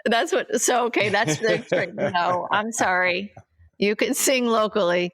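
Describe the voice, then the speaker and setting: A woman's voice: mid-range voice, a little slow, a bit bright. A woman co-hosting a casual podcast chat, candid and direct, speaking openly and earnestly. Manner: candid, teasing then earnest. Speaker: podcast co-host.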